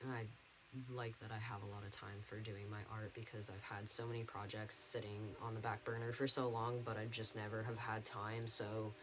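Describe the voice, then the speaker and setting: A man's voice: on the low side, a bit bright, a little hiss or hum, rough recording. A young man rambling through a casual life-update vlog at home, full of fillers and restarts. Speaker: vlogger.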